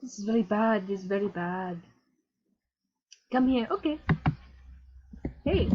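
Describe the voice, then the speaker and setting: Woman putting on a preachy Somali-accented lady. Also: a little high. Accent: put-on Somali accent. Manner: preachy, scandalized, broken English. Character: pious preachy Somali immigrant woman gamer. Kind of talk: in-character troll gameplay commentary. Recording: dull lo-fi recording.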